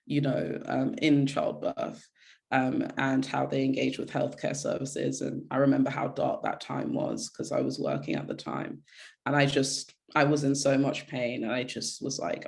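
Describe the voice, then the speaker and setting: Gravelly-voiced woman performing spoken word. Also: a bass voice, a little mellow. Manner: earnest, many fillers when speaking freely. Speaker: poet. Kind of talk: spoken word poetry, then reflective talk.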